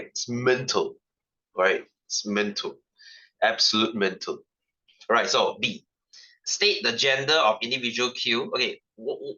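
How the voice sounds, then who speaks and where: Joking Malaysian tutor with a bright voice. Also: male voice, on the low side, highs cut off. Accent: Malaysian English. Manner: chatty, joking, full of "right?" asides. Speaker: science tutor. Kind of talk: casual online science lesson.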